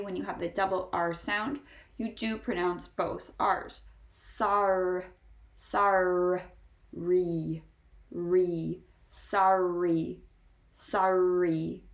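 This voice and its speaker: An American woman with a General American accent teaches English pronunciation in a roomy, echoing space. Her voice sits at a middle pitch. She talks through her points at a steady clip, then slows right down to stretch each example word out. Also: creaky. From United States. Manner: slow, drawn-out model words between brisk explanations. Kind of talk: pronunciation lesson.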